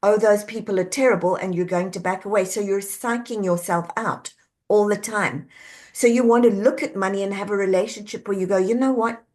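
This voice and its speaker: Lively woman coach telling stories. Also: medium pitch, brisk. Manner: animated storyteller, acts out quoted voices, laughs easily. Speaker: executive coach and author, guest. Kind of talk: conversational podcast interview.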